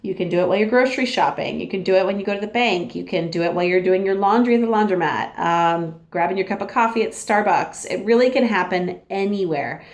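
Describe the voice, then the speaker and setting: A woman's voice: mid-range voice, fast, hardly any pauses. A woman giving a casual, upbeat training talk as a sales consultant, chatty and acting out little dialogues. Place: home.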